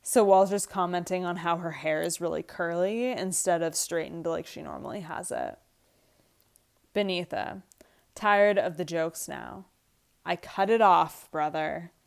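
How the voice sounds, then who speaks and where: A woman's voice: on the low side, measured pace, vocal fry, a little mellow. A woman English teacher reading a play aloud to her class and explaining the lines in plain, casual words.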